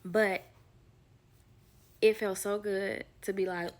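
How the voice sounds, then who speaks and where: A woman's voice: medium pitch, slow pace. A woman nanny telling work stories in a casual, sassy storytime, acting out the people in them and dropping to a whisper for asides. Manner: animated, sassy, acts out quoted people.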